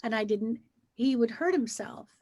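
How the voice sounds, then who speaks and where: A woman's voice: a little high, moderate pace, no room sound, clean studio sound. A woman in a casual chat about feelings, talking animatedly and acting out the way she speaks to children. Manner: animated, acts out what she says to children.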